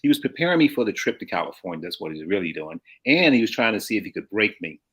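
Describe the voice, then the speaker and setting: A man in his sixties from St. Louis tells anecdotes in a fairly low voice. He wanders, restarts his sentences and chuckles as he goes. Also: big pitch swings, fast talker, fairly bright tone, breathy edge. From St. Louis, USA. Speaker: guest. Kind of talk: casual storytelling.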